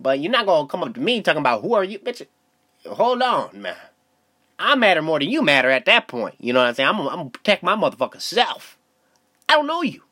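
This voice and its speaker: Young male podcast host, loose and profane, very animated delivery. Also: a little high, fairly quick. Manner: loose, profane storytelling with lots of fillers. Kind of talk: casual solo podcast monologue.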